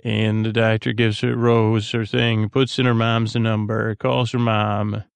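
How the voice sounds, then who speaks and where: A man hosting a podcast, recapping an episode in a halting, meandering way with many fillers and restarts. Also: fairly low pitch, flat delivery, creaky, clear, resonant tone, dry recording. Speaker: podcast host. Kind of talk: rambling bedtime episode recap.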